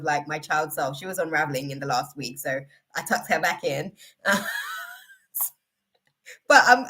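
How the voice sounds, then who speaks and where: A woman's medium-pitched, slightly bright voice leads a live tarot reading stream. She chats loosely with viewers, emotional and effusive, wandering with many fillers.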